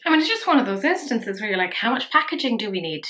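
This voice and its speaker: A woman's voice: a little high, sing-song, fast talker, sharp tone. A woman, chatting playfully through a makeup tutorial and poking fun at herself. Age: 30s. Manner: chatty, playful and self-mocking. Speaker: makeup vlogger. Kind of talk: casual makeup tutorial chat.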